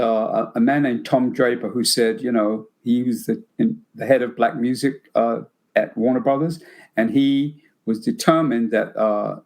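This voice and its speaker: A man's voice: mid-range voice, a little mellow. An older man from Britain hosting a music podcast, telling stories in a loose, rambling way with many restarts. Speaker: podcast host. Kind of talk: casual anecdotal chat.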